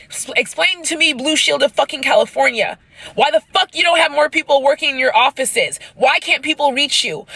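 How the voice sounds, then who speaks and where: A woman's voice: high voice, vocal fry, sharp tone, no echo. A woman crying while she angrily rants into her phone in a profane selfie video. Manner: angry profane rant.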